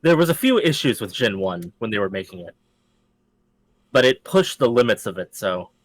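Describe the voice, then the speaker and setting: A man's voice: lowish voice, sing-song, normal speed, dry recording, low-quality recording. A man in a casual group chat who laughs often and explains trivia.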